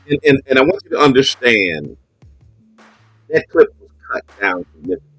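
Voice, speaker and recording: Emphatic, animated bishop hosting a show. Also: male voice, fairly low pitch, husky, dry recording, poor audio. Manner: emphatic, repeats words for stress, rising to a shout. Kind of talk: impassioned live call-in commentary.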